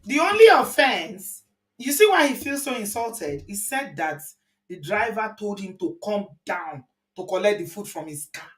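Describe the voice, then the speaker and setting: A woman's voice: medium pitch, sing-song, moderate pace. A woman hosting a show, commenting indignantly on a video and repeating phrases for emphasis. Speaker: host reacting to a viral video. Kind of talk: casual commentary.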